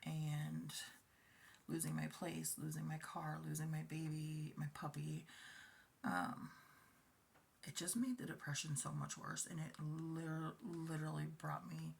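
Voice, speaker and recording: A woman in her forties giving a personal, confessional talk to camera, speaking softly and haltingly, often near a whisper and emotional at times. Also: deep voice, steady tone, gravelly, slight background noise. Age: 40s. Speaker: vlogger.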